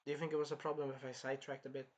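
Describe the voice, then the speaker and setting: A man hosting a casual anime episode review, rambling and sidetracking, often apologizing and clearing his throat. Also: mid-range voice, level tone, very fast. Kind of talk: casual chat recapping an episode.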